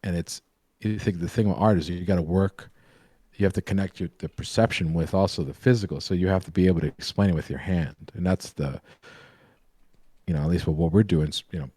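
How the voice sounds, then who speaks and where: A man with a deep, low voice chats about art on a live painting stream. He explains in loose, winding sentences that keep restarting. The sound is close and dry. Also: a little fast, dark tone, slightly rough, dry recording. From New York. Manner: rambling, self-correcting explainer. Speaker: co-host, painter and drawing teacher. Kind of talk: casual live-stream chat.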